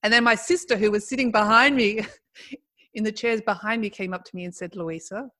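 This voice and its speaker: A woman's voice: medium pitch, moderate pace, bright, forceful tone. A middle-aged woman, a guest in a casual conversation, telling a personal story animatedly and laughing as she goes.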